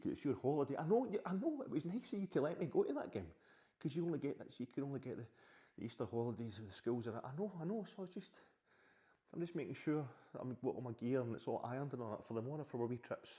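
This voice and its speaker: A middle-aged Scottish man with a lowish, mellow voice rattles along quickly in a comic podcast monologue. He rambles sheepishly, breaking off to answer back to his wife. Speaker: podcast host.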